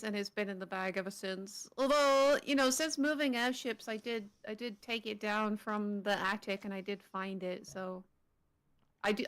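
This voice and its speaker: A woman's voice: mid-range voice, fairly bright tone, clear, resonant tone. A woman guest chatting casually in a laid-back, amused, frank way. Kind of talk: casual chat.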